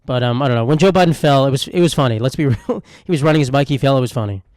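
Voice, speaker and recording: A man's voice: mid-range voice, racing, darkish tone, no room sound, studio quality. A young man hosting a solo comedy podcast, rambling through irreverent, self-mocking riffs on news stories. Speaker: podcast host.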